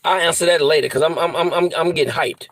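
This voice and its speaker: A man's voice: a little high, fast talker, over loud music, low-quality recording. A man ranting angrily to his viewers, profane and threatening, repeating insults over and over. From US Midwest. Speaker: vlogger. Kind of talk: angry rant to camera.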